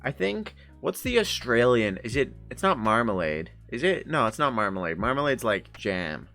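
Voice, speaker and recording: A man's voice: mid-range voice, sing-song, creaky, a bit bright, faint music behind. A young man streaming live, chatting casually with viewers in a playful, rambling way and arguing jokingly. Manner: playful, rambling, quick to laugh and argue jokingly. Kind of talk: casual chat reacting to viewer chat.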